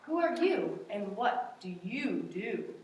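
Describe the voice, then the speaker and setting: A woman's voice: a little high, expressive, a little slow. A woman doing a kindly storybook zookeeper. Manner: warm, reassuring rhymes. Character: kind adult male zookeeper. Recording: echoey room, far from mic.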